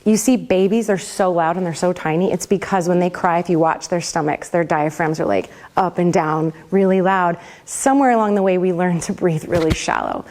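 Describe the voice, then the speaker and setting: A woman leads a vocal class in a casual, rambling way, laughing often as she talks. Her voice sits a little low for a woman. She speaks to a group in the room. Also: moderate pace, hardly any pauses, a little mellow. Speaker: worship pastor teaching a vocal class. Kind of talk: casual teaching talk.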